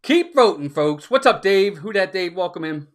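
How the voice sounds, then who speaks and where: A man's voice: high-pitched, expressive, normal speed. A man hosting a casual live stream, upbeat, laughing often and greeting viewers by name. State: out of breath.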